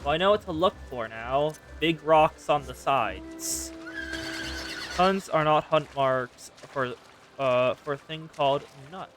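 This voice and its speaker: A man's voice: on the high side, expressive, takes it slowly, fairly bright tone, distant mic, faint music behind. A young man streaming a game, chatting casually, muttering to himself, swearing and talking to objects on screen. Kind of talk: casual gameplay commentary.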